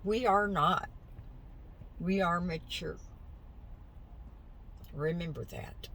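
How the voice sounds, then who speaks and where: An older woman with a drawl talks to her followers at an unhurried pace. Her way of speaking is folksy and chatty, and she keeps cheering her listeners on. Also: lowish voice, slight background noise, low-quality recording. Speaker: vlogger. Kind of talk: casual chat to camera.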